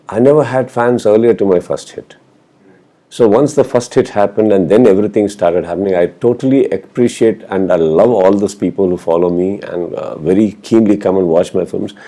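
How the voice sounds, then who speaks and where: Deep, gravelly-voiced male actor. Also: dark tone. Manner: storytelling, acting out quoted exchanges, mixing in Hindi phrases. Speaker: actor being interviewed. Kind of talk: casual interview answers.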